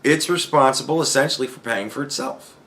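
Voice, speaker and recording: A man's voice: mid-range voice, brisk, a bit bright. A man hosting a podcast, ranting casually in a profane, rambling way and laughing between points. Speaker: podcast host. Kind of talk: casual solo commentary rant.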